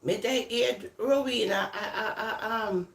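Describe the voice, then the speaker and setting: A woman's voice: fairly high pitch, measured pace, vocal fry, reverberant. A woman chatting casually on a live stream, laughing often and switching between patois and standard speech. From born in England, raised in America. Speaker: live-stream host answering comments.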